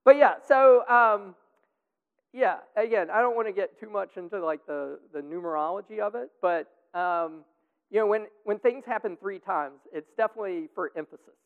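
A man's voice: high-pitched, normal speed, clean tone. A man leading a group Bible study discussion in a casual, rambling way with many fillers, heard over a tinny, echoing line. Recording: tinny phone-like line with long reverb.

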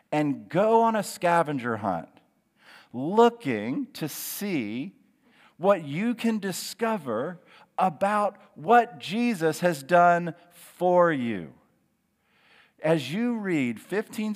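A man preaching a sermon as pastor, earnest and encouraging, stressing key words with slow drawn-out phrases. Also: a little high. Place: church sanctuary. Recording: long hall reverb.

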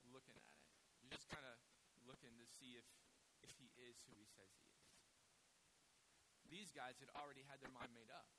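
A man preaching a sermon as a pastor, telling the story with animated delivery and acting out voices and calls. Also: mid-range voice. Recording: hissy recording.

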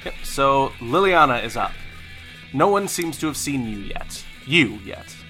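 A man running a tabletop game as game master, his voice bright and forceful. He narrates what the creatures do and asks the players for checks, with faint guitar music behind. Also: medium pitch, very animated, a little slow. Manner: narrating actions, calling for checks.

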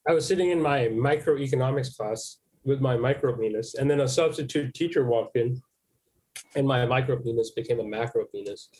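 A man on a comedy podcast, trading goofy deadpan punchlines in improvised banter. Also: mid-range voice, brisk.

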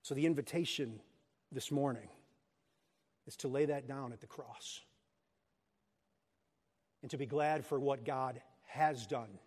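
A man preaching a sermon as pastor of a church, animated and joking with his congregation. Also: mid-range voice, measured pace, pauses often. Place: church sanctuary. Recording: long hall reverb.

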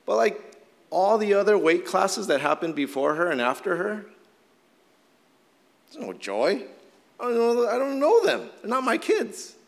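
A middle-aged man, a little hoarse from shouting, preaching a casual, conversational sermon full of "like" fillers. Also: high voice, big pitch swings, a little slow, pauses often. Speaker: pastor. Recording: long hall reverb.

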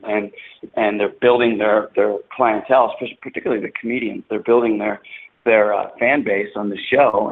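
Man rambling over a tinny phone line. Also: on the low side. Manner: rambling, many fillers and restarts. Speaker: podcast co-host. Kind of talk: casual chat.

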